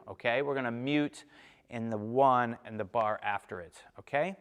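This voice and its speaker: A man's voice: mid-range voice, expressive, normal speed, in a large hall, phone-quality sound, loud music behind the voice. A man teaching a timpani lesson, explaining patiently, counting beats aloud and checking in with "okay?" as he demonstrates. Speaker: percussion teacher.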